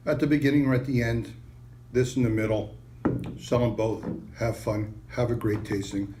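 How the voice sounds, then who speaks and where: A man presenting a wine and cheese tasting, enthusiastic and casual in a sales-pitch manner. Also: steady tone, moderate pace, dark tone, slight background noise. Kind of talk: product tasting demonstration.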